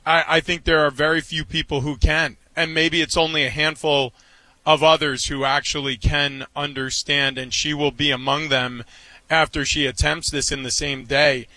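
A man's voice: on the high side, level tone, normal speed, pushed and bright, no echo, rough recording. A man co-hosting a sports talk show, speaking casually in an earnest, emphatic way.

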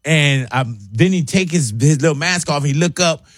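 A man hosting a casual chat, telling stories in a laid-back, drawn-out way. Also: a little high, no echo, clean studio sound.

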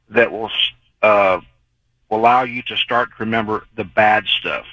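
A man's voice: medium pitch, lively intonation, normal speed, sharp tone, dry recording, rough recording. A man calling in to a radio show, telling his stories in a rambling, earnest way. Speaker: caller. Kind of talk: call-in storytelling.

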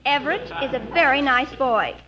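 A woman's voice: high voice, a little fast, pushed and bright, lo-fi sound. A woman playing a breezy teenage girl in a 1940s radio comedy, on a noisy old recording.

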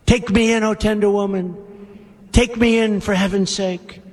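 A man's voice: high voice, steady tone, normal speed, big-room sound, close to an everyday voice. A man voicing a sly, vicious male snake in a poem, with a sing-song, wheedling repetition. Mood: pleading.

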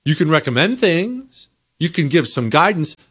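A man from the United States hosting an opinionated political talk show, emphatic and animated, sometimes mimicking other people. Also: a little high, moderate pace, husky. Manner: emphatic, animated, mocking imitations.

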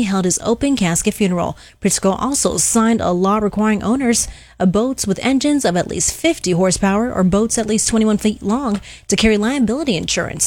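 A woman reading local and national news headlines on the radio in an even, crisp delivery. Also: mid-range voice. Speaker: news anchor.

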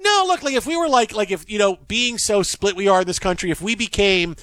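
A man hosting a sports radio show in a studio, talking in animated banter and laughing often. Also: high-pitched, brisk, no room sound. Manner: animated, laughs often, acts out quoted voices.

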